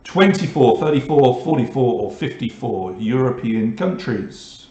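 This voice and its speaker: Chatty British quiz host, echoey room. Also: male voice, mid-range voice, animated, unhurried, mellow, muffled recording. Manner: chatty, reads questions and scores with asides. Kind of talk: online pub quiz hosting.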